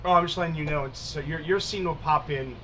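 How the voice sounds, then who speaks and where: A man runs a tabletop game as storyteller, talking in an easygoing, halting way full of fillers. His voice sits high and sounds bright and forward. Faint noise hums under the recording. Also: rough recording. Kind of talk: tabletop role-play session, casual.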